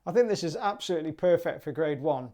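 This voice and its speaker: A woman's voice: deep voice, animated, fast talker, mellow. A woman teaching clarinet for a music exam, upbeat and chatty, singing rhythms aloud.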